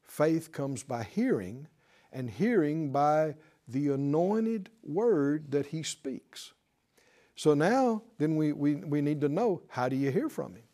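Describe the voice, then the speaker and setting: Slow, mellow-voiced male preacher. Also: a little high, expressive. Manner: slow, emphatic preaching with sudden loud stresses. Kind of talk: sermon.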